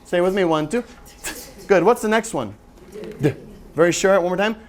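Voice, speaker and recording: A man teaches a room of listeners in a phonics seminar, his pitch rising and falling in a lively way. He keeps asking them questions and sounds out letters slowly and deliberately. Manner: quizzing the audience with call-and-response questions; models sounds slowly and carefully. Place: seminar room with a live audience.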